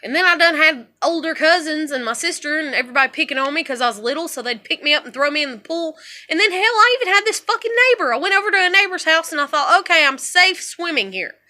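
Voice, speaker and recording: A woman in her thirties telling rambling, profane stories in a casual monologue, dropping to low mutters and rising to loud outbursts. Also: quick pace. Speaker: vlogger.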